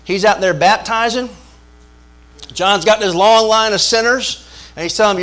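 A pastor preaches with a bright, fairly high male voice. He hammers each point through repetition and call-and-response, and breaks it up with jokes. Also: moderate pace, long pauses. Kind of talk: sermon.

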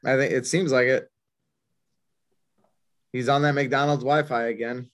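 A man's voice: medium pitch, steady tone, a little slow. A man hosting a podcast in casual chat, laughing easily and wrapping up the episode. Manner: laughs easily, wraps up the show. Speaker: podcast host.

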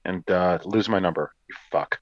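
A man's voice: sits low, moderate pace, no room sound, dull audio. A man co-hosting a podcast in casual chat, joking and teasing with profane affection. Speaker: podcast co-host.

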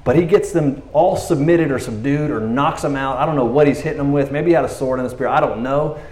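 A man's voice: mid-range voice, a little fast, a little mellow. A man preaching a casual sermon, chatty, laughing often and acting out the story. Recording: echoey room.

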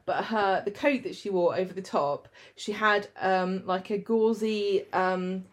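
A woman chats casually with a co-host, mid-pitched and enthusiastic. She recounts a story at an easy conversational clip. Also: measured pace. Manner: chatty, enthusiastic, animated retelling. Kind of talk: casual chat.

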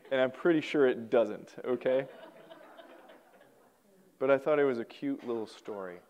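A male pastor preaching a sermon, telling a folksy story in an animated way. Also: mid-range voice, a little hiss or hum. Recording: podcast recording.

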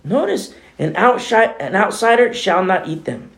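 Man, co-pastor, casual preaching style, gravelly, pitched a bit high. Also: sing-song, normal speed, a bit bright. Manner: conversational preaching with many asides. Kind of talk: sermon.

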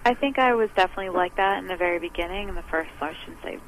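A woman's voice: fairly low pitch, rapid-fire, slight background noise, low-quality recording. A woman who runs her own business, talking chattily as an interview guest and acting out other people's words as she explains things. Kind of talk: conversational interview.

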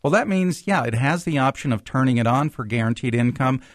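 A man who works as a financial planner talks through money topics on the radio, animated and explanatory, often repeating words as he starts a thought. His voice is at a middle pitch, recorded close and dry with no room sound. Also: fairly quick, dry recording. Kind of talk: financial talk radio chat.

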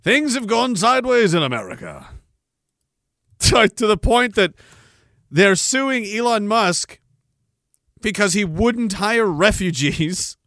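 High, bright-voiced sardonic male podcaster. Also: big pitch swings, takes it slowly, pauses often, dry recording, studio quality. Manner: sardonic, profane, laughing at his own jokes. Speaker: podcast host. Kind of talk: casual ranting commentary.

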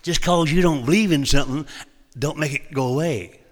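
Folksy preacher in a reverberant hall. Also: male voice, on the high side, fairly quick. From Oklahoma. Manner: folksy, humorous, dramatic storyteller. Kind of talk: sermon testimony storytelling.

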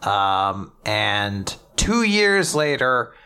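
A man's voice: fairly low pitch, sing-song, very slow, bright, forceful tone, smooth, faint music behind. A man hosting a casual podcast chat, summarizing comic chapters in a chatty, filler-heavy way. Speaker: podcast host.

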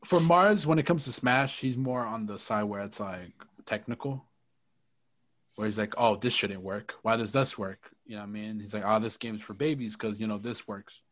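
A man's voice: fairly low pitch, moderate pace, fairly bright tone. A young man co-hosting a podcast in casual chat, loose and joking, always saying "bro" and "you know what I mean". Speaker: podcast co-host.

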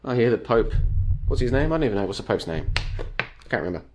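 A man's voice: medium pitch, very animated, fast talker, noisy background. A man hosting a live stream. He reads out chat comments and rambles at length, talking to the audience as folks and piling up rhetorical questions, his voice tiring after two hours.

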